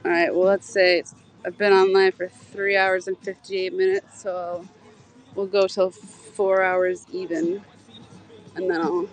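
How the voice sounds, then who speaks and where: A woman's voice: on the low side, flat delivery, unhurried, soft background music, poor audio. A woman chatting to viewers on a casual live stream while walking a city street at night, rambling and laughing easily, with the phone held close to her face. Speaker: livestreamer.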